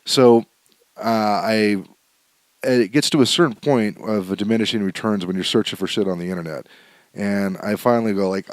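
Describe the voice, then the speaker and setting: A man's voice: fairly low pitch, moderate pace, no echo. A man hosting a podcast from home, telling a candid, rambling story with lots of fillers and restarts. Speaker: podcast host. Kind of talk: casual storytelling monologue. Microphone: home setup, still adjusting sound.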